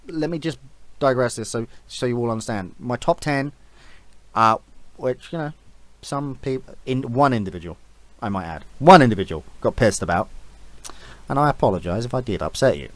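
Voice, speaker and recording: A man's voice: medium pitch, no room sound. A man giving a casual, rambling opinion rant as an esports vlogger, blunt and swearing freely.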